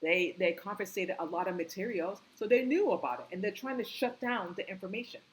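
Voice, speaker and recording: A woman delivering an impassioned opinion monologue, indignant and repetitive, firing rhetorical questions and climbing in pitch when angry. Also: a little fast, rough recording. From United States. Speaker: political commentary vlogger.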